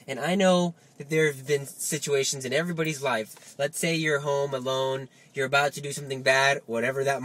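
A man giving a lively Catholic teaching talk, full of rhetorical questions and coaxing asides. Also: medium pitch. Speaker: Catholic speaker. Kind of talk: spoken religious teaching.

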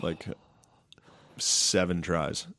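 A man's voice: deep voice, little pitch movement, extremely slow, a bit bright, dry recording, clean studio sound. A man telling a story in a casual chat, swearing often, laughing a lot and slipping into mock voices. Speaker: stand-up comedian.

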